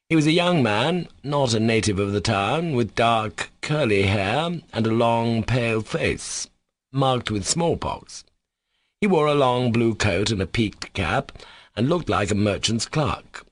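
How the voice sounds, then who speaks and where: A man with a low voice narrating a classic novel in a steady, even storyteller's way. The recording is close and bone dry, with no room sound at all. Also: dry recording. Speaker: audiobook narrator. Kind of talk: scripted narration.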